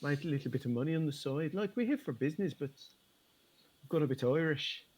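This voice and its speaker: An actor playing a rough, chummy con man who talks bluntly and schemes for money. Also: fairly high pitch, animated, rapid-fire, dark tone, a little hiss or hum, natural voice. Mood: scheming.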